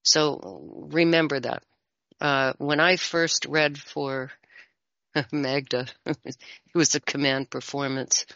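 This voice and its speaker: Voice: mid-range voice, steady tone, slow, vocal fry, long pauses, pushed and bright, no echo, muffled recording. A tarot reader talking as a guest in a casual conversation, rambling a little and chuckling often.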